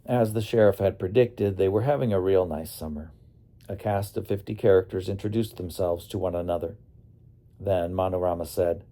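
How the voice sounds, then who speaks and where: A man narrating his memoir as an audiobook in a calm, wry storytelling manner. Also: low voice, normal speed. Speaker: narrator and bus driver.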